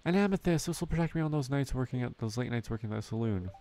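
A man reading the lines of a gentle, spiritual young woman villager from a farming game. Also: medium pitch, animated, racing, natural voice. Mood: grateful. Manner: reads game dialogue aloud.

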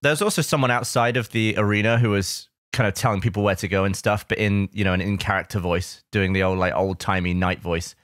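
A man's voice: lowish voice, fairly bright tone, no echo, studio quality. A man co-hosting a podcast in casual chat, laughing as he tells a story. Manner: laughs through his stories. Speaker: podcast co-host.

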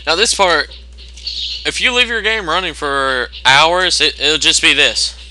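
In a fairly high voice and at a slightly slow pace, a gameplay commentator jokes and swears his way through a let's play. Background noise and game music sit behind him as he voices the on-screen text in mock tones.

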